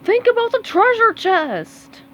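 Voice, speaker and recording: A woman's voice: extremely high pitch, big pitch swings, measured pace, fairly bright tone, dull audio, voice pushed up, full character voice. A woman reading a storybook aloud, voicing a grumpy, demanding male squid coach who barks orders. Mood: bossy. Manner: bossy, barking orders.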